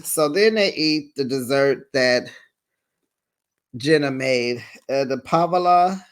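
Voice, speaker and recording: Slow, sassy chatty recap host. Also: medium pitch. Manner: chatty and sassy, with drawn-out asides and squealing mock quotes. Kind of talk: casual recap commentary.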